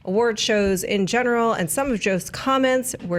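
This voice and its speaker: A woman's voice: fairly high pitch, moderate pace. A woman hosting a casual entertainment panel chat, playful and teasing, laughing often. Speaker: show host.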